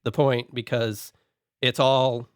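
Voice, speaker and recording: A man with a medium-pitched voice works through a list of notes in a relaxed, methodical podcast chat. The sound is close and dry, with no room around it. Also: takes it slowly, clean tone, no echo. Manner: methodical, talks through his notes point by point. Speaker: podcast co-host and song producer. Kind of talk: casual podcast discussion.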